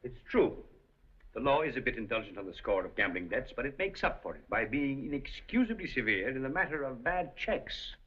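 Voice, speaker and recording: An actor playing a suave, scheming café proprietor in a 1930s film, speaking in an urbane, deliberate way. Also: male voice, medium pitch, very animated, a bit bright, breathy edge. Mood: sly. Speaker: café owner. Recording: dull 1930s film soundtrack.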